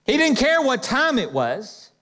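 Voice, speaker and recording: A man with a high voice preaches to his congregation. His talk is lively and full of quoted asides. His voice rings with a long reverb in a church sanctuary. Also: unhurried. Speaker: pastor. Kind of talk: sermon.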